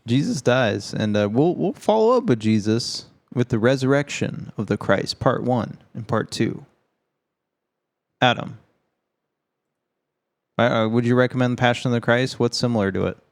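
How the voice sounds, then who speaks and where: A man co-hosting a casual film podcast, with a gravelly, creaky edge to his voice. He talks loosely, cracks jokes and swears freely. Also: mid-range voice, expressive, normal speed, long pauses. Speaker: podcast co-host.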